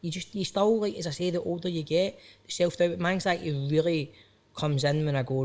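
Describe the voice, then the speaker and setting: A man's voice: fairly high pitch, steady tone, fairly quick. A Scottish man in his thirties talks openly as a podcast guest. His delivery is loose and rambling, full of self-questioning asides and casual "aye"s. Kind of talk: candid casual conversation.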